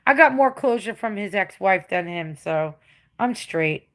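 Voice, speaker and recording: A woman's voice: mid-range voice, animated, unhurried, a bit bright. A woman in her forties with an English accent, chatting bluntly and profanely to her livestream viewers, answering comments. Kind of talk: casual livestream chat.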